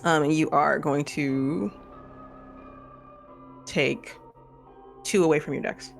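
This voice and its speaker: A man's voice: a little high, fairly even intonation, takes it slowly, gravelly. A man with a Missouri accent, narrating a tabletop horror game as game master in a casual, rambling way. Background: faint music.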